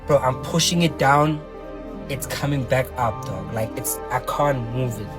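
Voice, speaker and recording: A man telling a personal story in a casual, slangy, animated way, swearing often. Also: mid-range voice, unhurried. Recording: loud music under the voice.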